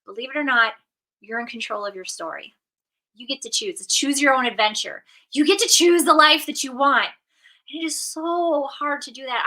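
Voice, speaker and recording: A middle-aged woman coach giving an animated motivational talk, acting out inner voices as she goes. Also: sits high, poor audio. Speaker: positive intelligence coach.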